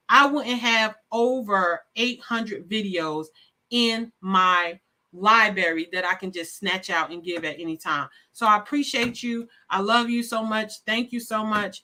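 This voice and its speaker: A woman hosting a live stream, speaking warmly and effusively straight to her viewers, a little sleepy. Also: medium pitch. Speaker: live show host. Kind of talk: casual live-stream sign-off.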